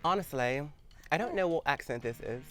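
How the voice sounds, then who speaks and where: A man's voice: medium pitch, expressive, fairly quick, fairly bright tone, soft background music. Chatty young man telling stories. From Missouri. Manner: chatty storyteller, many likes. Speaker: guest YouTuber. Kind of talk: casual interview chat.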